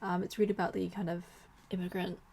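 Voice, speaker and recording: A young woman chatting casually about books she is giving away, lively and expressive, slipping into whispered asides. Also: on the low side, fast talker, vocal fry, a little hiss or hum. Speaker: book vlogger. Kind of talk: casual chat.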